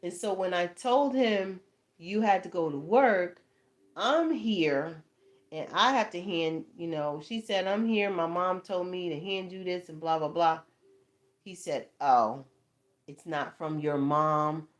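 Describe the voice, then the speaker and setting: A woman in her thirties telling a casual story to her channel, animated and laughing, swearing freely, often asking "you know what I'm saying". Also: lowish voice, takes it slowly. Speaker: tarot channel host.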